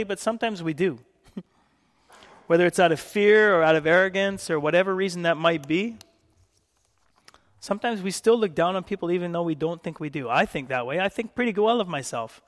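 A man from Canada preaches a sermon, telling stories with frequent laughs and acted-out quotes. His voice sits high for a man. The sound rings with a long hall reverb.

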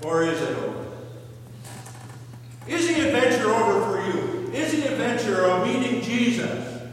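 A man preaching a sermon, retelling scripture with slow, questioning drama. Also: very high-pitched, sing-song. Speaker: pastor. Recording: echoey hall from far off, faint hum.

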